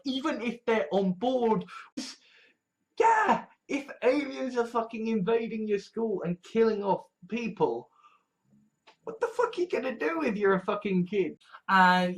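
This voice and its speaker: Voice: mid-range voice, a little slow, a bit bright, rough recording. A video essayist delivering a casual, rambling monologue full of profanity and emphatic asides.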